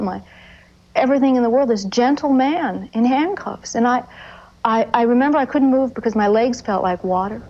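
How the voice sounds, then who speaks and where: A woman giving an interview and recalling events earnestly, halting and restarting often. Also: a little high, darkish tone. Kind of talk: emotional recollection in a TV interview. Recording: dull lo-fi 1980s TV audio.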